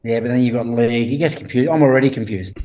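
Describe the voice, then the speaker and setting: A man's voice: mid-range voice, fast, a little hiss or hum. Laid-back, wry Australian man. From rural Australia. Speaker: guest. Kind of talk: casual chat. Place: remote video call from home.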